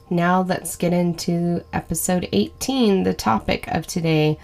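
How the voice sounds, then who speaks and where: Woman podcaster, lowish voice with some vocal fry, chatty and candid, lots of ums. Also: fairly even intonation, darkish tone. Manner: candid, conversational, many fillers and restarts; slow and deliberate when reciting affirmations. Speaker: podcast host. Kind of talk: personal podcast monologue.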